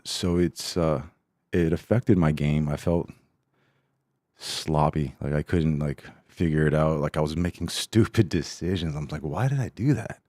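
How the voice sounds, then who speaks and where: Podcast host, man, very low and mellow voice, rambling and self-mocking, dry close mic. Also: steady tone, a little slow, no echo. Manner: rambling, self-deprecating, laid-back. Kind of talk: casual solo podcast chat.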